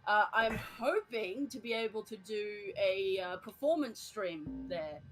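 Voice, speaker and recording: A woman chats casually on her game stream. She talks slowly and hesitantly, restarting her sentences and laughing often, with faint music in the background. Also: mid-range voice, animated, rough recording. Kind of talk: casual chat while gaming.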